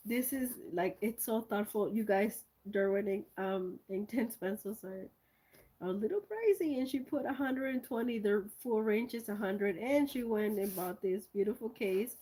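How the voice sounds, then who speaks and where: A woman chatting casually as she unboxes gifts for her video, gushing and excitable, swinging between loud squeals and soft, hushed thanks. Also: medium pitch, normal speed, slightly rough. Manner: gushing and excitable, many exclamations. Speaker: art vlogger.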